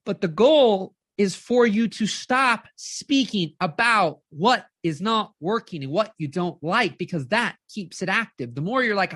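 A woman life coach giving an energetic live-streamed motivational talk, keeps checking in with her audience and acts out inner voices. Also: medium pitch, measured pace, hardly any pauses, no room sound.

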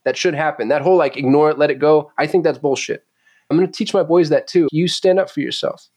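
A man as a podcast guest, talking candidly and intensely, cursing freely and growing animated as he tells his stories. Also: on the high side, fast, dry recording, muffled recording. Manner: intense, swearing, confessional, animated when retelling. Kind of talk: candid conversational storytelling. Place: Phoenix.

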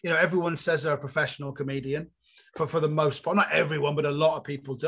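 Cornish comedian guy, husky voice a bit high, rambling candid stories. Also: fast. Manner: candid, animated anecdotes with self-mocking asides. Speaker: comedian guest. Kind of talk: storytelling interview chat.

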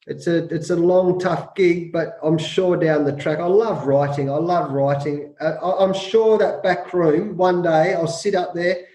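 A middle-aged Australian man, a cricket coach and author, telling a story in an interview and acting out shouted quotes with rapid repetitions. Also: a little high, fairly even intonation, echoey room.

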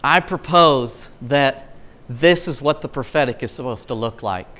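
A man's voice: medium pitch, measured pace, bright, forceful tone. A man preaching casually, retelling a scripture story in loose storytelling talk with slang and frequent restarts. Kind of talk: casual sermon.

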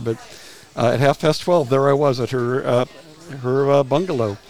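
Halting older man telling anecdotes. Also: medium pitch, steady tone, darkish tone, rough recording. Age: 60s. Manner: halting, restarts phrases with frequent repeated words. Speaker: guest, retired music publicist. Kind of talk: casual anecdotal storytelling.

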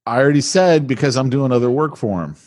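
A man's voice: medium pitch, fast talker, no room sound, studio quality. A man co-hosting a podcast, chatting casually and telling self-mocking stories with quoted voices. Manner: self-mocking storyteller with lively put-on quotes. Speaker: podcast co-host. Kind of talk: casual chat.

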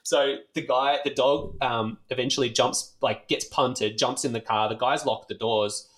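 An Australian man telling a rambling, animated story in casual chat, swearing freely and leaning on fillers. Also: medium pitch, moderate pace. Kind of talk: casual anecdote.

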